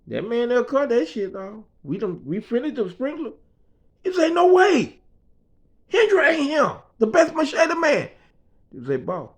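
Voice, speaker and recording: In a slightly dull lo-fi recording, a high-voiced man from the Bahamas shares a story from his own life. He uses casual, profane slang, imitates what others said, and repeats phrases for rhythm.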